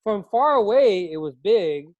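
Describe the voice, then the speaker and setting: Animated storytelling man, dry sound. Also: sits high, unhurried, no room sound, muffled recording. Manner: animated storyteller, laughs often. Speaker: high school teacher, co-host. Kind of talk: casual unscripted conversation.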